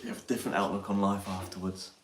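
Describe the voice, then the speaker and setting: Bantering English man, low and echoey. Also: flat delivery, rapid-fire, heavy background noise. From England. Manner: banter and laughing. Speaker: live stream host. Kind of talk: casual live chat. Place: outdoors near Ely.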